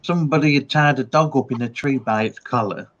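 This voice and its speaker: Halting man in casual chat. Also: medium pitch. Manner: halting, repeats himself. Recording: dull lo-fi sound.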